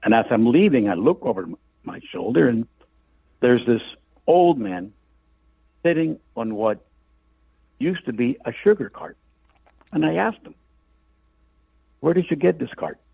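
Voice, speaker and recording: A man's voice: medium pitch, big pitch swings, a little slow, creaky, pauses often, breathy edge, dry recording. An older man from Cuba, an author guest, telling a vivid story in a radio interview. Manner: vivid storyteller, acts out voices in his quotes. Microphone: phone. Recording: tinny phone line.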